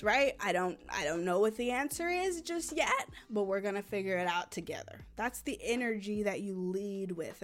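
Chatty woman host, faint music behind. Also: mid-range voice. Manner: chatty, ends points with frequent tag questions; acts out parent phrases in a raised voice. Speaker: parenting podcast host. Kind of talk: conversational advice talk.

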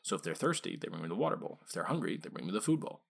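Lowish-voiced man hosting a dog podcast. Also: big pitch swings, gravelly. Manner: conversational, asks rhetorical questions, acts out quick quoted lines. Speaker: podcast host and dog trainer. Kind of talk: casual podcast monologue.

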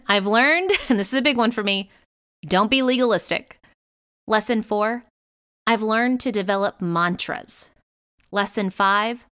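A woman's voice: medium pitch, a bit bright, clean tone, dry recording, clean studio sound. A middle-aged woman hosting a leadership podcast, talking in an earnest, encouraging way with light laughs. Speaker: podcast host and leadership coach. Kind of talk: podcast monologue.

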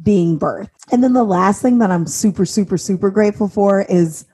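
Husky young woman podcast co-host. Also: mid-range voice, warm tone. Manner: chatty, giggly, quick to tears. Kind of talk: casual chat.

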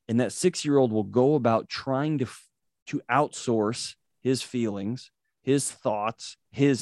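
A man's voice: medium pitch, slow pace, darkish tone, no echo, studio quality. A man, a mental health expert, earnestly explaining ideas through vivid everyday stories as a podcast guest. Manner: earnest, storytelling, vivid examples. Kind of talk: interview answer, explaining.

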